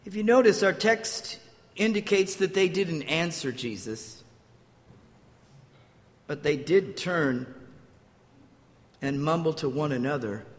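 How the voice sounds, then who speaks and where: Older man, pastor, sermon, high voice, storytelling, long hall reverb. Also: expressive, slow pace, long pauses. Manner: storytelling with restarts, acts out quotes.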